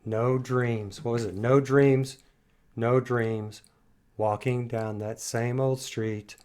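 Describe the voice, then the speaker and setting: His voice is medium in pitch, fairly even in intonation, slow, a little mellow, clear and resonant. He's hosting a music reaction, offering casual, musing commentary and restarting and repeating words while analyzing.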